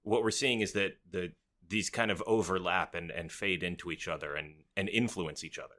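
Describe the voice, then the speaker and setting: A male podcast host with a deep but bright, forward voice. He recaps what his guest has said and then probes with curious follow-up questions, keeping the tone conversational. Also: moderate pace. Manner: inquisitive, summarizing.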